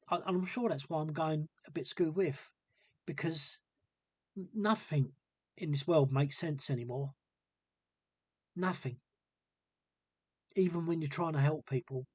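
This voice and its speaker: In a loose, rambling monologue, a man vlogs a personal story, circling back and repeating himself with earnest feeling. His husky, slightly breathy voice is a little high and darkish in tone, recorded close and dry with no room sound.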